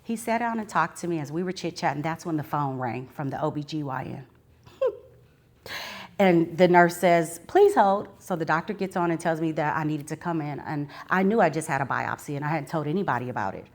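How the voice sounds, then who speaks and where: Speaking briskly in a low voice, a woman gives a personal testimony at a live book signing. She talks earnestly and straight to the people in front of her, occasionally breaking into fervent preaching.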